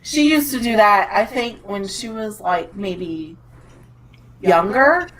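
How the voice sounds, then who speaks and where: Chatty mom telling a long story. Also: female voice, mid-range voice, animated, takes it slowly, fairly bright tone, low-quality recording. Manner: rambling storytelling with frequent laughter. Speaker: podcast co-host. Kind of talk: casual chat.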